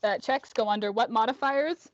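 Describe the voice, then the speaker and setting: A woman's voice: a little high, normal speed. A woman running an online tabletop game as game master, talking hesitantly with many ums. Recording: dull dry call audio.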